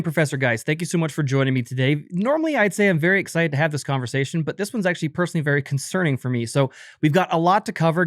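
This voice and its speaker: Fast-talking male podcast host. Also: a little high, no room sound, clean studio sound. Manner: brisk, earnest, scripted-sounding intro. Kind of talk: podcast intro and interview questions.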